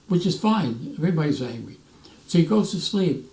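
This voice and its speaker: Gravelly old man telling war stories. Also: on the high side, fairly quick. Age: 90s. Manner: animated storyteller, acts out quoted voices, restarts often. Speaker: veteran interviewee. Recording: roomy echo, mic at a distance.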